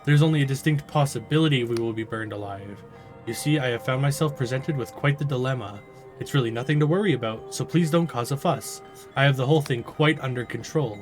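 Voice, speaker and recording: A man's voice: medium pitch, a little fast, soft background music, close to an everyday voice. A man doing a flustered village mayor woman. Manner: fussy, polite, nervously reassuring. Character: flustered, nervous female village mayor and seer.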